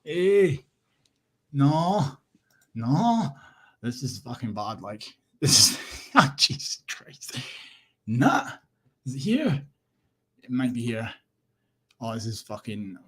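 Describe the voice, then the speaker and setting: A man's voice: mid-range voice, big pitch swings, takes it slowly, long pauses, fairly bright tone, breathy edge. A Scottish man hosting a casual livestream, rambling and swearing, laughing often as he clicks through tabs. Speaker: livestream host.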